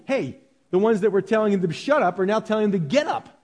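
A man pastor preaching a sermon, animated, swinging from loud cries to hushed tones. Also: high-pitched, quick pace. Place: church sanctuary. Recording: long reverb of a large hall.

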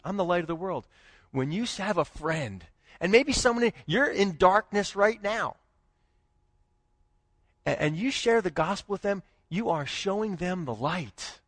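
A man preaching a sermon as pastor, swinging between loud emphatic lines and low hushed ones. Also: no echo. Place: church.

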